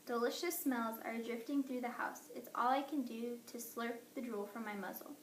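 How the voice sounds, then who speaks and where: Woman narrator, expressive children's story reading, slightly high voice, echoey distant recording. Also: normal speed, a little hiss or hum. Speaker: audiobook narrator. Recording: echoey room, mic at a distance.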